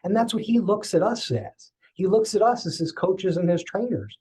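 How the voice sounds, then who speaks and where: A man telling a personal story as a podcast guest, lively and acting out the people he quotes. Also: high-pitched, normal speed, breathy edge, rough recording. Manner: animated, acting out quoted voices.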